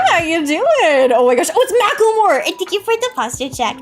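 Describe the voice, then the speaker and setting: A woman's voice: very high voice, big pitch swings, fairly quick, few pauses, over music. A young woman streamer chatting casually and playfully, giggling and exclaiming often. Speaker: live streamer. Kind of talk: casual live-stream chat.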